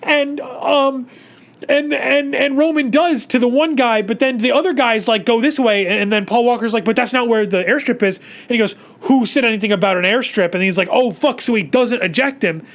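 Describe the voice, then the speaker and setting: A YouTuber rants through a casual recap of a movie, exasperated and profane, rambling and restarting often. The speech swings between muttering and loud outbursts, in a mid-range voice at normal speed.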